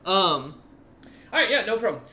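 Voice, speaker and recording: A man's voice: high voice, very animated, normal speed, bright, forceful tone, roomy sound. A man running a tabletop game as game master, narrating in a rambling way full of restarts.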